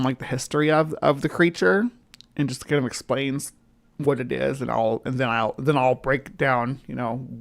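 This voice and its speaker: A woman from the middle of the United States hosts a relaxed live show. She rambles and trips over her own words, circling back to greet viewers in the chat. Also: a bass voice, gravelly. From central United States, between the South and upper Midwest. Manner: rambling, self-interrupting, chats with viewers. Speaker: livestream host. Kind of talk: casual live-stream chat.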